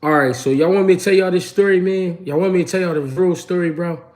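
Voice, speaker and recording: Man, fairly high-pitched, casual storytelling, slangy, profane, animated. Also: quick pace. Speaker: channel host. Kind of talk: casual storytelling to a live audience.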